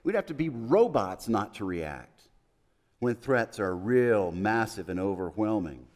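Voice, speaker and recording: Low-voiced pastor preaching, rising and hushing. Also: male voice, very animated, unhurried. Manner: emphatic lists with sudden soft, hushed quotes. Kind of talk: sermon. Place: chapel.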